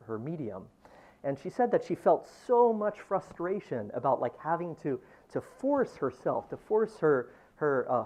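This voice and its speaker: A man giving a university talk and poetry reading, halting with frequent ums and restarts, getting louder and livelier as he reads. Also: medium pitch. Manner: lively, swells in volume when reading poem lines. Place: lecture room.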